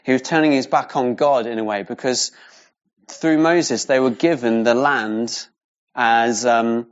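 A man's voice: mid-range voice, unhurried, clear, resonant tone. A man leading an informal Bible teaching, talking casually with many fillers and tag questions. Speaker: Bible study leader. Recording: slightly dull lo-fi recording.

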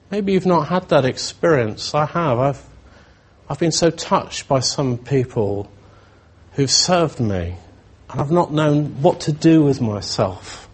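Slow, husky male preacher. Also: a little high, lively intonation. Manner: reflective, searching, with hesitant restarts. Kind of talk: sermon.

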